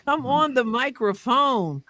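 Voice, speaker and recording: Bright-voiced woman hosting a sports stream. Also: high-pitched, expressive, slow, dry recording. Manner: upbeat, chatty, repeats words while reading comments. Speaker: host. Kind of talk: live-stream sports talk.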